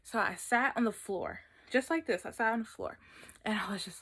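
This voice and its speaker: A woman's voice: medium pitch, moderate pace, a bit bright, slightly rough. A young woman telling a story in a playful, dramatic vlog style, full of asides and "like". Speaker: vlogger.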